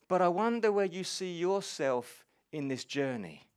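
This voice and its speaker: Lively preacher, fairly high voice, quizzes the congregation. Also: male voice, normal speed, hardly any pauses. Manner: animated, asks the congregation questions. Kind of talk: sermon.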